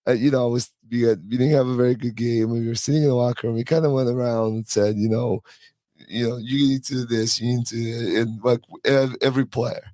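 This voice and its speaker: A man's voice: mid-range voice, quick pace, dry recording, clean studio sound. A man hosting a podcast as a coach, telling stories casually with lots of fillers and restarts. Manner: relaxed storytelling with many fillers and restarts. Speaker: hockey coach and podcast host. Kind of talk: casual conversational interview.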